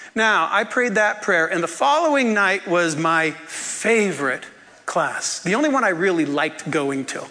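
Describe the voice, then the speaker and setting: A man telling a personal story in a sermon, animated and often laughing as he acts out the people in it. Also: high voice, big-room sound. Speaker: preacher.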